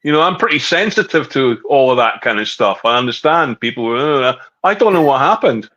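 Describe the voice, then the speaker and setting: A middle-aged Scottish man swapping stories on a podcast, sweary and animated in his telling. His voice comes through slightly dull and lo-fi, as if the recording lost its top end. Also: mid-range voice, brisk. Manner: swears freely, animated storyteller. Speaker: guest. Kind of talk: casual chat.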